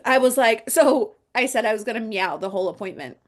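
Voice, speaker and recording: A young woman co-hosts a podcast, telling a salon story in loose, casual chat. Her voice sits slightly high. She acts out the people in the story and throws in playful meows. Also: fairly quick. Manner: animated storytelling with playful meowing. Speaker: podcast co-host.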